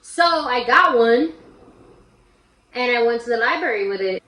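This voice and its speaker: A woman's voice: on the high side, lively intonation, measured pace, sharp tone. A young woman telling a childhood story in a casual, slangy way while doing a makeup tutorial, shrieking when she quotes her friends. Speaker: makeup vlogger. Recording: roomy echo.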